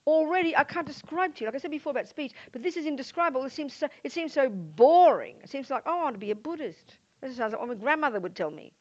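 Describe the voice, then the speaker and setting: An older woman with an Australian accent, a Buddhist nun giving a lively dharma talk to a live audience and acting out the voices she quotes. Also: high voice, fast, few pauses. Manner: animated, acts out quoted voices. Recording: muffled lo-fi talk recording.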